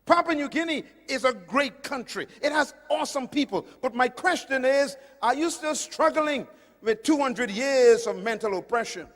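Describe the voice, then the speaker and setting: A man preaching a sermon, emphatic and swinging between loud declarations and hushed storytelling. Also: very high-pitched, expressive, normal speed, big-room sound. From Caribbean.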